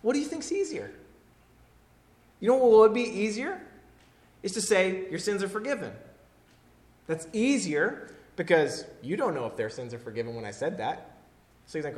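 A man's voice: high voice, very animated, moderate pace. Earnest preaching man in an echoey room. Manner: earnest preaching, swings between loud emphatic and quiet hushed lines. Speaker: pastor. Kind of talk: sermon.

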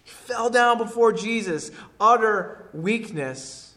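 A man preaching a sermon, moving between hushed, intimate lines and loud, forceful declarations. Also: high voice, lively intonation, slow. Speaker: pastor.

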